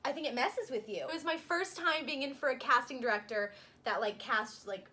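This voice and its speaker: A woman's voice: high voice, fairly quick. A woman in her twenties co-hosting a casual chat vlog, telling stories animatedly with lots of "like" fillers and frequent laughter. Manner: animated storyteller, many "like" fillers, laughs often. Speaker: co-host.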